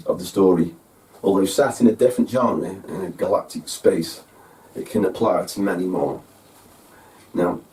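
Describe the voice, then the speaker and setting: A man playing a self-styled leader of a secret alliance, speaking slowly and earnestly with long pauses, from far off the mic with noise behind. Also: low-pitched, dark tone. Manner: slow, earnest, preachy delivery with pauses. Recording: distant mic with background noise.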